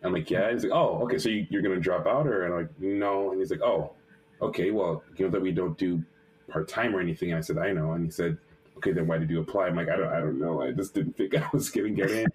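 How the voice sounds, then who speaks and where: A male animator, a guest in an interview, telling a personal story lively and acting out the quotes, with many restarts and fillers. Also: sits low, fast talker, slight background noise, low-quality recording. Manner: lively retelling that acts out quotes.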